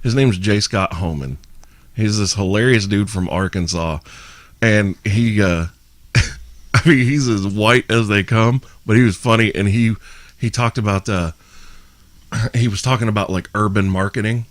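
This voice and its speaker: A man co-hosting a podcast, telling a story in an animated, casual way. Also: lowish voice, unhurried, no room sound. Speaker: podcast co-host.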